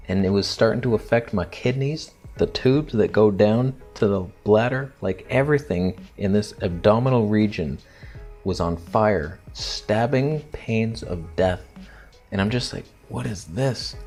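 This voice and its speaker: A young man with a fairly low voice recounts a story to the camera in a loose, crude, joking way. He slips into hushed, theatrical asides as he acts out his own reactions. Faint music plays in the background. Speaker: vlogger.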